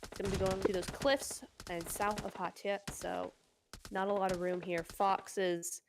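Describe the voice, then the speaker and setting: A woman casting a mobile shooter tournament live, chatty and quick to exclaim at the action. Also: medium pitch, creaky, noisy background. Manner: excitable, chatty, exclaims often. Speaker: esports caster. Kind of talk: live play-by-play commentary.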